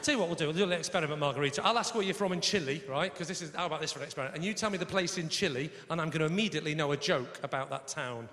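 A man's voice: a little high, racing, few pauses, fairly bright tone. A man from the north of England with a northern English accent, doing a sweary, rambling stand-up set with crowd work in a large theatre. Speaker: stand-up comedian. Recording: echoey hall, audience noise.

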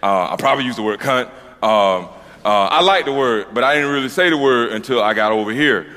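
A man's voice: medium pitch, brisk, in a large hall. A middle-aged man from Georgia with a Southern US accent, telling a loose, profane stand-up story on stage. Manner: loose, profane, animated, acts out voices. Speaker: stand-up comedian.

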